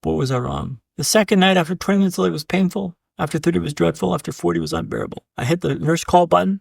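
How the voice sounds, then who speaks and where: A man with a high, creaky voice, a keynote speaker appearing as a podcast guest, tells a dramatic story fast with few pauses and punchy repeated beats. He often addresses the host by name and swears casually, in studio-quality audio with no echo.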